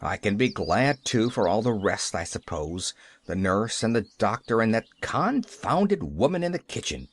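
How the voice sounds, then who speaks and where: A man reading an audiobook, voicing a cross, bitter bedridden man with a gruff, sarcastic manner. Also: medium pitch, very animated, a little slow. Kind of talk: audiobook character voice.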